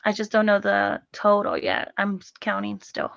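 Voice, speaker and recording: A woman with a gravelly voice answering in class, rambling with many fillers. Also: mid-range voice, moderate pace, fairly bright tone. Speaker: student. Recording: dull lo-fi audio.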